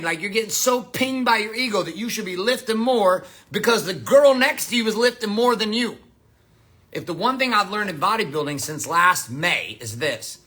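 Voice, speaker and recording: A man with a high, bright voice speaking as a motivational coach. He talks bluntly and emphatically and swears freely. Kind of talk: motivational monologue.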